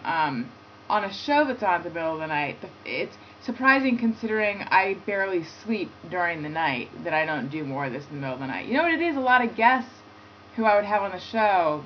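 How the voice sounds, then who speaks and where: A woman hosting a comedy talk show, telling a rambling self-deprecating story and chatting with a guest. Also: fairly low pitch. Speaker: host. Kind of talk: casual chat and phone interview. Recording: lo-fi with faint noise.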